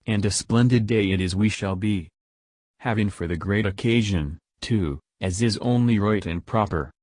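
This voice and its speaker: A man with a low voice voicing an ironic, teasing woman secretary in an audiobook reading, with dry sound. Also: moderate pace, darkish tone, no room sound, close to an everyday voice. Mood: mock Irish. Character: sly amused woman secretary, mock-Irish banter.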